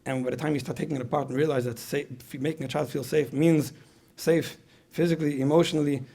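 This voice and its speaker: Guy lecturing parents, gravelly voice, talks fast, keeps repeating himself. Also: a little high, steady tone, mellow. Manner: repeats phrases, asks the audience questions. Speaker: speaker at a parenting retreat. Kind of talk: conversational lecture.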